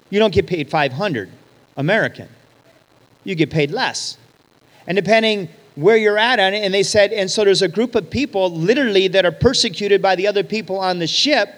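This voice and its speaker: A pastor with a fairly high voice tells stories from the pulpit and acts out the people in them. His words ring out with long reverb in a large hall or church. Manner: lively storyteller, acts out quoted voices. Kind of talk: sermon storytelling.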